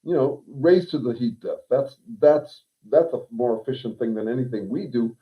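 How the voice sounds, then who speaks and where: A man's voice: mid-range voice, moderate pace. Digressive man on a tinny livestream. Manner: digressive, thinking aloud with restarts; wry, reads viewer comments aloud. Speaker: livestream host and consultant. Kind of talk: unscripted livestream monologue. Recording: tinny phone-like audio.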